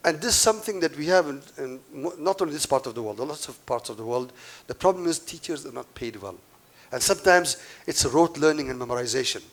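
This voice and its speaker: A man's voice: on the high side, lively intonation, quick pace, few pauses, fairly bright tone. A man delivers a conference keynote in a somewhat raised voice. He is emphatic, stacks up points and repeats the ones that matter most. He breaks off now and then to address the audience directly. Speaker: keynote speaker.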